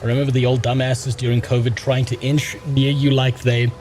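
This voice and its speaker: A man's voice: medium pitch, little pitch movement, a little fast, a little mellow, slight background noise. Blunt, profane young man streaming a game. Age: young adult. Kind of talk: casual gaming stream chat. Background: game music.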